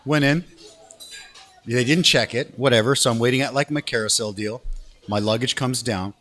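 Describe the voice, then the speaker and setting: A man's voice: medium pitch, normal speed, faint music behind. A man, a radio DJ, telling a story in a casual, slangy interview. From Canada. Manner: animated storyteller, laid-back slangy talk. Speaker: radio DJ guest.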